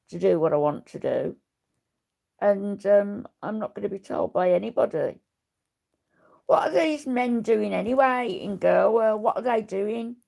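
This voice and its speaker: A woman's voice: mid-range voice, gravelly, darkish tone. A woman in her seventies hosting a casual livestream, chatting with viewers in a rambling, blunt, opinionated way. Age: 70s. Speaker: livestream host. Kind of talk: casual livestream chat, reading viewer comments.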